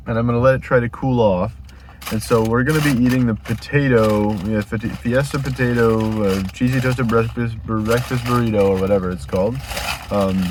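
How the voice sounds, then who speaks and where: A man's voice: mid-range voice, slight background noise. A man talking casually while eating in a vlog, rambling and restarting his sentences as he goes. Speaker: vlogger.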